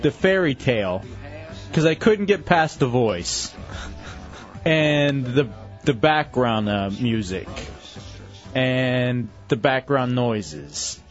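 A male radio co-host trades casual, mocking, sarcastic banter, his mid-range voice animated yet slow-paced. The broadcast sounds muffled, with faint music in the background.

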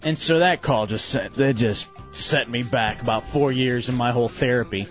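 A man's voice: medium pitch, normal speed, highs cut off, soft background music. A man hosting a radio show in casual banter, telling stories with self-mocking asides.

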